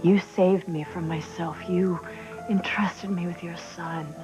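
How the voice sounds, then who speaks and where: An actress playing a contrite young wife who speaks softly and breathily, pleading with her husband. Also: fairly low pitch, fairly even intonation, slow pace. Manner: soft, breathy and apologetic. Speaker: soap opera actress. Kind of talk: daytime soap acting. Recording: dull TV recording under music.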